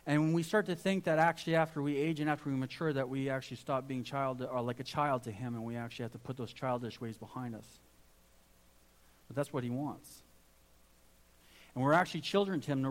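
A man's voice: mid-range voice, fairly even intonation, fairly quick. Earnest man preaching a sermon. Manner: earnest, emphatic preaching with restarts. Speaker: pastor.

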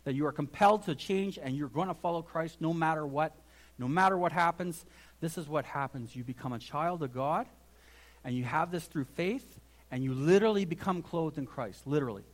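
A man's voice: fairly high pitch, fairly quick. A man preaching a sermon with earnest emphasis, now and then restarting his phrases as he builds his point. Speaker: pastor.

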